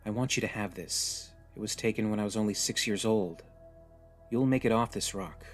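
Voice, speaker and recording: A man's voice: lowish voice, normal speed, faint music behind, lightly acted. A man voicing a tough, jaded young woman stranded on an alien world, speaking bluntly and wearily. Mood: resigned. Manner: blunt, weary, resigned.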